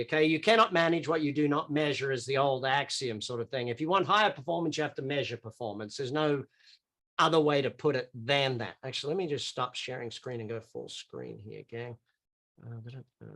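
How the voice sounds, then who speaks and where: A man's voice: fairly high pitch, fairly bright tone. Chatty Australian man coaching online. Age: middle-aged. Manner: chatty, conversational, answers questions off the cuff. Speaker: business coach. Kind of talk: live online coaching session.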